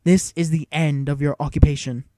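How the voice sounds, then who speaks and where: A man reading aloud and voicing a young queen who speaks in a cool, calm and commanding manner. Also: a little high, a little fast, dry recording, clean studio sound, natural voice.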